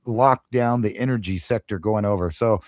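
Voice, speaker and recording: A man's voice: on the low side, normal speed, dry recording. Hesitant man on a dry line. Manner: rambling, hesitant, many fillers. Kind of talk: casual chat on a live show.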